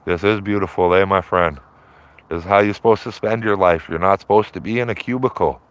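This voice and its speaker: Rambling livestreamer, low-pitched man, loose casual talk outdoors by a river, tags lines with "man". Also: brisk. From Canada. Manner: rambling, repeats himself, tags phrases with "man". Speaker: livestreaming auditor.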